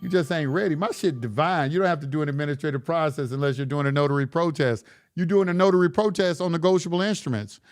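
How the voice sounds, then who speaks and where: A man's voice: a little high, fast talker, soft background music. A man hosting a live stream, reading chat questions and answering them in a blunt, lecturing way with casual slang, often repeating himself.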